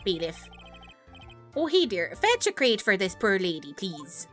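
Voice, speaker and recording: A woman voicing an older male judge in a put-on Canadian accent, gruff and fussy. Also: medium pitch, wildly swooping pitch, measured pace, a bit bright, faint music behind, pitched below the performer's own voice.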